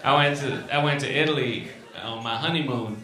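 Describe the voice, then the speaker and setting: A man doing a stand-up routine, animated and profane, swinging from shouting to muttering, recorded in an echoey club room with ambience. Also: medium pitch, normal speed. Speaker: stand-up comedian.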